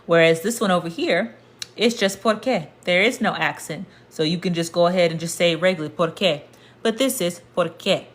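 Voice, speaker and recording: Woman, slightly low voice, patient livestream teacher who repeats key words slowly. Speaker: Spanish teacher. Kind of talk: casual livestream lesson.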